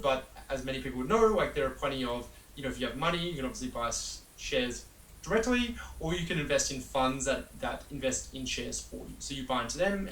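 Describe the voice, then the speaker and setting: A man's voice: mid-range voice, fairly bright tone. A man working as a journalist explains his reporting in a rambling, conversational way, full of fillers and little asides. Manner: rambling with many fillers, laughs at absurdity. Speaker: journalist being interviewed. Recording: roomy echo, distant mic, faint hiss.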